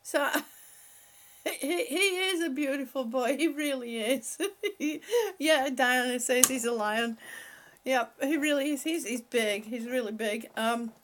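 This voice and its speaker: Her voice is high-pitched, slow, and a little bright. She's a woman running a laid-back home live stream, rambling, laughing frequently, and addressing her pets.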